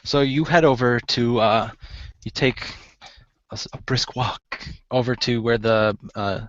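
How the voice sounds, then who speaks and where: A man narrating as game master in a relaxed way, with many fillers. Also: medium pitch, measured pace, no echo, muffled recording.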